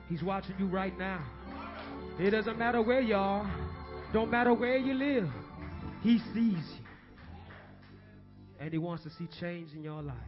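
A man preaching a sermon in a rhythmic call-and-response style, rising to shouted refrains. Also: high-pitched. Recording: dull lo-fi recording with music behind.

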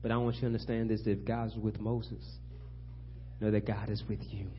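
A man preaching a sermon, building to emphatic loud peaks and dropping to hushed tones, often acting out biblical figures in conversational asides. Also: fairly low pitch, little pitch movement, a little fast, lo-fi sound, a little hiss or hum.

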